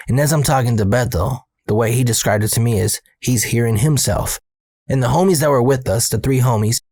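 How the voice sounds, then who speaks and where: Gravelly, slangy male storyteller. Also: medium pitch, a little mellow, no room sound, clean studio sound. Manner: slangy, swears, talks to the listener directly. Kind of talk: casual spoken storytelling.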